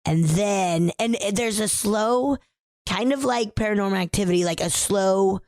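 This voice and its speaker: A woman's voice: medium pitch, moderate pace, a little mellow, dry recording. A woman co-hosting a podcast in casual chat, animatedly recapping a horror film, swearing and acting out the characters' lines. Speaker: podcast co-host.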